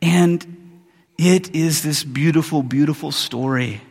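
A man's voice: a little high, takes it slowly, vocal fry, a little mellow, breathy edge. A man preaching a sermon as a pastor, retelling the story in a loose, joking way with casual asides. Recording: long hall reverb.

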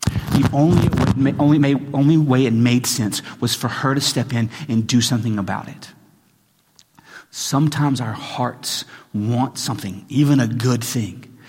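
A man's voice: medium pitch, a little slow, darkish tone, slight background noise. A man preaching a sermon, earnest, reading scripture with growing intensity. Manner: earnest, with frequent restarts and rising intensity in readings. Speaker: pastor. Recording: long reverb in a large hall.

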